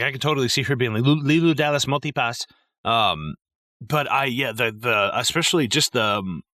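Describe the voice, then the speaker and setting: A man's voice: on the low side, sharp tone, no echo, clean studio sound. A man co-hosting a podcast, talking casually and profanely about a film with lots of fillers. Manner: rambling and profane, with many fillers. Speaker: podcast co-host. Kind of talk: casual movie-review chat.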